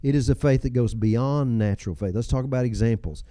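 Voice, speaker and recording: A man's voice: mid-range voice, fairly quick, warm tone, dry recording, studio quality. A man in his seventies preaching a sermon, with folksy storytelling, chuckles and personal asides. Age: 70s. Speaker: pastor.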